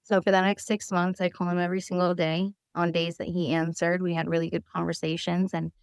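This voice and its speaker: Low, smooth-voiced woman telling her story. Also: level tone, a little fast, no echo, clean studio sound. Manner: vivid storyteller who acts out quoted dialogue; earnest and candid. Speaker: podcast guest. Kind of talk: personal storytelling.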